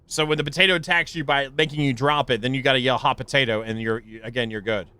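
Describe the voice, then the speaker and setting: A young man streaming a game live, rambling casually with stammering restarts and sudden high, excited yelps. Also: quick pace, clean tone. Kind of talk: casual live gameplay commentary.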